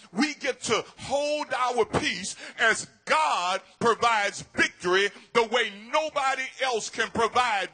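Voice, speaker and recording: High-pitched, bright-voiced preacher man. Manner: preaches with shouted peaks and repeated words. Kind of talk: sermon.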